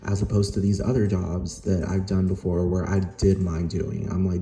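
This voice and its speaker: In a deep, dark voice with fairly even intonation, this man talks at a moderate pace with few pauses. A Spanish-speaking vlogger from Puerto Rico, he's venting angrily and profanely to camera, filling gaps with "like," amid echo and faint hiss or hum.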